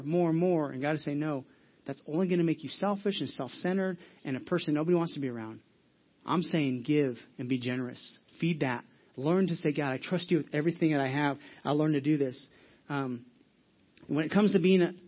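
A man preaching a sermon as pastor, earnest and animated, asking the congregation rhetorical questions. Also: fairly high pitch, highs cut off.

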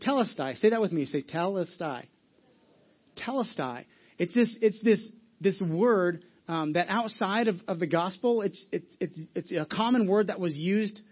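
A pastor delivers his sermon in a loose storytelling way, often stopping and restarting his sentences. His voice sits a bit high for a man. The church recording is dull and lo-fi. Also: moderate pace, hardly any pauses. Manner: storytelling, casual, many restarts and asides.

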